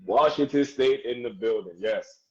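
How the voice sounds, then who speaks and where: Male DJ guest, animated and chatty, muffled lo-fi sound. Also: mid-range voice, normal speed. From United States. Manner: animated, laughs often, gives shout-outs. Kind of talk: casual live-stream interview.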